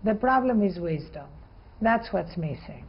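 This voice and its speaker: Gravelly-voiced woman speaking earnestly. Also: mid-range voice, lively intonation, lo-fi sound. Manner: earnest, emphatic, speaks in measured phrases. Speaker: interview guest. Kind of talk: conversational interview answers.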